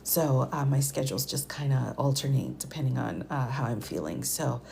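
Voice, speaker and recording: A woman attorney hosting a late-night livestream, chatting with viewers in a hushed voice with quiet chuckles, speaking from home. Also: extremely low pitch, moderate pace, creaky, slight background noise.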